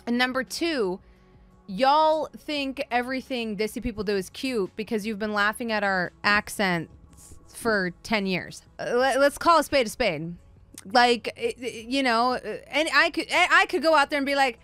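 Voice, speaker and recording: A woman's voice: fairly high pitch, animated, moderate pace, a bit bright, soft background music. A woman hosting a comic book show, giving a blunt, sarcastic and profane casual review.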